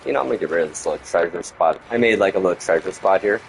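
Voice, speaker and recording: Low-voiced man rambling over gameplay. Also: expressive, very fast, gravelly, soft background music, poor audio. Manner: rambling, chatty, grumbles about the game. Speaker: gaming streamer. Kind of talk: casual gameplay commentary.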